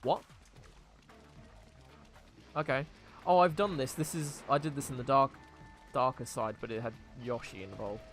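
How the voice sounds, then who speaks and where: Rambling male streamer, mid-pitched. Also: a little slow, pauses often, fairly bright tone, soft background music. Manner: rambling, with many fillers and restarts. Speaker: live streamer. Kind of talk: casual gameplay chat.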